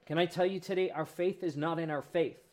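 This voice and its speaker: A man's voice: steady tone, fairly quick. Passionate pastor, man with a raised voice. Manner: preaches with rising intensity, then drops soft and low. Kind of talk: sermon.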